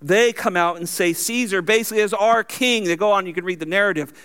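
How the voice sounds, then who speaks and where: A man with a notably high voice delivers a sermon as pastor. He reads scripture aloud and swings between raised, emphatic lines and low, quiet asides. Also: quick pace, clean tone.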